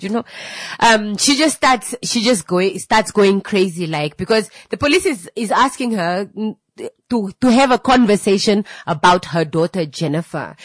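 Animated woman telling a story. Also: mid-range voice, dry recording. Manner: animated, repetitive, with filler words. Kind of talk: casual storytelling.

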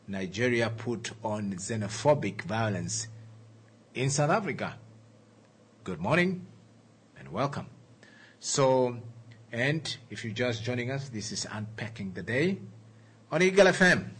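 Guy hosting a talk radio show, husky voice, pitch jumping all over, lots of ums and rhetorical questions. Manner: animated, rhetorical questions, many fillers.

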